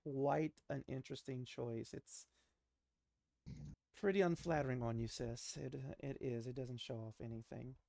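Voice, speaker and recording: A man's voice: mid-range voice, fairly even intonation, unhurried, vocal fry, warm tone. A man voicing a snide, condescending young royal sister, with catty remarks.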